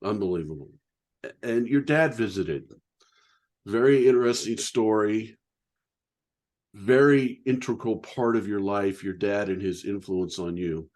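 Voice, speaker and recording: A man's voice: lowish voice, a little slow, long pauses, darkish tone. A man hosting a podcast interview, admiring and emphatic, repeating his praise of the guest's story. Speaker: podcast host. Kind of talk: interview conversation.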